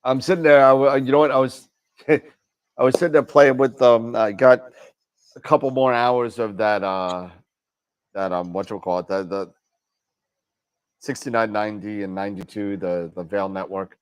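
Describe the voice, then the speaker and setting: A man's voice: fairly low pitch, fairly even intonation, moderate pace, pauses often, clean tone, muffled recording. A man hosting a casual astronomy gear chat, rambling with many restarts and jokes. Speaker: show host, telescope dealer.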